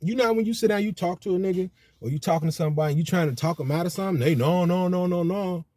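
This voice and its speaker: A man's voice: high voice, very fast, dark tone, dry recording. Preachy man, dry close sound. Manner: preachy, repetitive "you know what I'm saying". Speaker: commentator on religion. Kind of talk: casual monologue.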